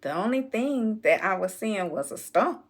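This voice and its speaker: A woman telling a childhood story to her viewers in a relaxed, drawn-out way. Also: medium pitch. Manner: slow, drawn-out storytelling, addresses viewers as y'all. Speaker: channel host. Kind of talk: casual storytelling vlog.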